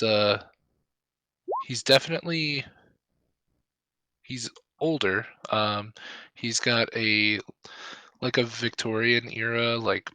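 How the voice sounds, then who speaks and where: A man narrating as dungeon master in a tabletop game, relaxed and halting with many fillers. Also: fairly low pitch, no echo.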